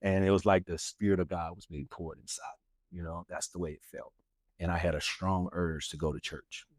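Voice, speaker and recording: Deep-voiced man telling his story. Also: flat delivery, a little fast, no echo, clean studio sound. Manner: earnest storyteller who acts out quoted lines; many fillers and restarts. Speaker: author and guest. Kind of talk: personal testimony in a casual interview.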